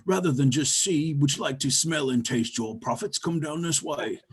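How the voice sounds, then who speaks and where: A man voicing a smooth-talking male pimp who coaxes passersby with oily salesman patter. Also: a little high, moderate pace, pitched above the performer's own voice. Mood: coaxing.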